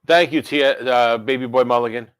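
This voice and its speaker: A man's voice: medium pitch, moderate pace, clean tone, no room sound. Brief: man, rambling livestream host, dry close mic. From New Jersey. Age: 50s. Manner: rambling and chatty, with many fillers and self-corrections. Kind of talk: casual livestream chat answering viewer comments.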